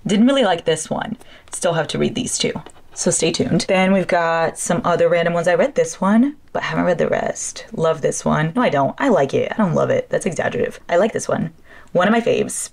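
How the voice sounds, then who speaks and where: A young woman chatting casually through a home bookshelf tour, self-mocking, with sudden excited squeals. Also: on the low side. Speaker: book vlogger.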